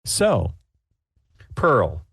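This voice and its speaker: A man runs a tabletop game as game master, low-pitched and relaxed. He rambles with plenty of fillers. The recording is dry and close. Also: extremely slow, gravelly, breathy edge, dry recording.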